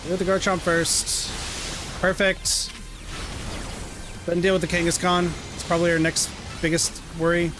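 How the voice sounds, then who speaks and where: A young man streaming a game, chatting casually with self-mocking, animated remarks. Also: sits high, moderate pace, long pauses, music in the background. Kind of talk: casual gameplay commentary.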